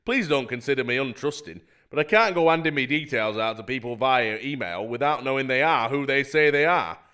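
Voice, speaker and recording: A man's voice: medium pitch, brisk, bright, forceful tone, clear, resonant tone, close to an everyday voice. A man reading as a lovesick fake banker. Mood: polite. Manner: mock-earnest, melodramatic letter reading. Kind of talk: reading bait emails aloud.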